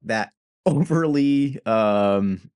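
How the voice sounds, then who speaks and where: A man from New England with a light regional American accent, teaching a casual language lesson in a relaxed, chatty way with frequent ums and self-deprecating asides. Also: lowish voice, drawn-out words, clear, resonant tone. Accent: American English with a light New England tinge. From New England, United States.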